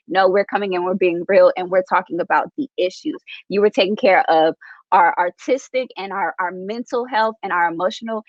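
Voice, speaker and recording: A woman's voice: fairly low pitch, fairly even intonation, fairly quick, no echo, muffled recording. A woman artist speaking earnestly and with emotion in a casual chat.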